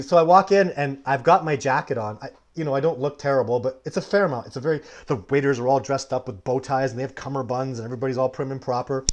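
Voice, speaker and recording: A man hosting a live stream, talking in a loose, chatty way and breaking off mid-sentence to greet viewers by name. He tells his story animatedly and laughs often. His pitch sits in an ordinary middle range. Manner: animated anecdote telling with frequent laughter. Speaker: live show host.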